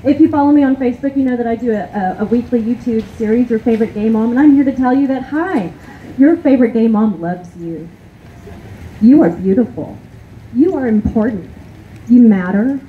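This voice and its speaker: A woman's voice: fairly high pitch, brisk. A woman from East Texas gives an impassioned, angry speech at an outdoor rally, hammering her points through repetition. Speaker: rally speaker. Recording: tinny, narrow, lo-fi sound with faint hiss.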